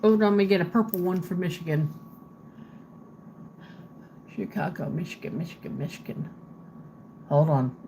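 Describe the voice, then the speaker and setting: A woman's voice: on the low side, moderate pace, vocal fry, long pauses, mellow, slight background noise. A woman chatting casually on a live stream from her home, muttering to herself as she searches a map, talking into a handheld phone. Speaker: livestreamer. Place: at home, indoors.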